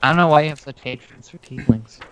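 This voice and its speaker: A man's voice: fairly high pitch, brisk, a bit bright, a little hiss or hum. A man co-hosting a casual podcast about tabletop games, talking in a rambling, hesitant way with many fillers. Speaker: podcast co-host.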